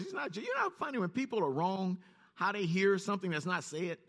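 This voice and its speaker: Animated preacher man. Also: brisk. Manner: reads scripture low and steady, then rises sharply in pitch when preaching. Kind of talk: sermon with scripture reading.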